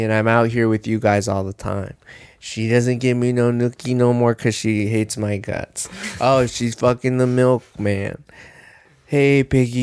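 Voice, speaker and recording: A man's voice: on the low side, darkish tone, clear, resonant tone, no room sound, lightly acted. A man voicing a lonely farmer who pours out his feelings to his pig, tender and pleading.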